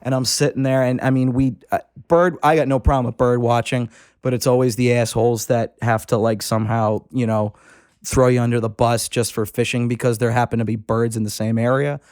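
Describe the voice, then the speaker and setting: A man's voice: medium pitch, level tone, fairly quick, a little mellow, clean tone, no echo, studio quality. Man telling a rambling fishing story. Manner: rambling, profane anecdote-telling with frequent restarts. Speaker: podcast guest, fishing club member. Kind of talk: casual storytelling.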